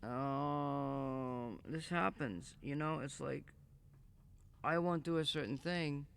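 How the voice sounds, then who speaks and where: A man's voice: fairly high pitch, takes it slowly, creaky, a bit bright, clear, resonant tone. A man streaming a game live, muttering and swearing in frustration to himself. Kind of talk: live gameplay stream talk.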